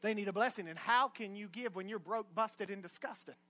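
A middle-aged man preaching a sermon in a church, energetic and humorous, at times rising to a shout. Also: high voice, brisk. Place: church sanctuary.

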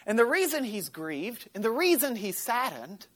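An American woman delivers a sermon in a storytelling way, her voice sitting a little high. She acts out the people she quotes and swings between loud, animated bursts and hushed moments. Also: normal speed. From United States. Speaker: preacher.

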